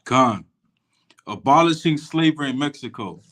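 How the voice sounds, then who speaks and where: A man reading a history text aloud and stopping to comment on it, slowing down and stumbling over foreign names. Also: medium pitch, animated, fairly bright tone.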